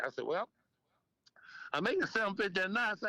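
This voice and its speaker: A man's voice: high-pitched, fast, vocal fry, long pauses, no echo, low-quality recording. An older man telling club stories in an interview, acting out dialogue and laughing often. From Memphis, United States. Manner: animated storyteller, acts out quoted dialogue, laughs often. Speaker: interview guest, veteran club DJ. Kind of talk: storytelling in casual interview.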